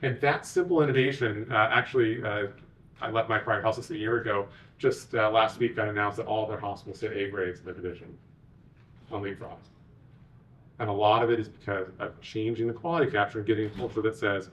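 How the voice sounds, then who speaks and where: A man, a physician executive, giving a conference talk with animated, sarcastic asides. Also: fairly low pitch, a little fast, far from the mic, muffled recording.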